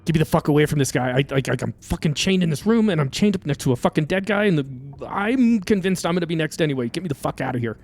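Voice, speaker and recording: A man's voice: on the high side, lively intonation, fast, few pauses, darkish tone. A man voicing a shackled young male soldier who talks urgently and swears. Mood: panicked.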